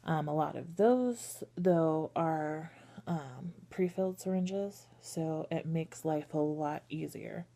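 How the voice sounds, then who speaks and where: A woman's voice: deep voice, takes it slowly, warm tone. A woman vlogging casually and candidly, hesitant and full of ums, walking viewers through her daily routine. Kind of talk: casual personal vlog.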